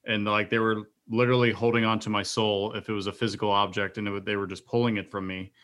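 A man, a military veteran, earnestly telling a personal story as a podcast guest, halting and restarting often. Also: lowish voice, level tone, fairly bright tone.

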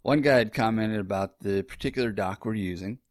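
A man's voice: fairly low pitch, a little fast, dry recording, clean studio sound. A young man telling a rambling, profane story about his wife in a casual, conversational way.

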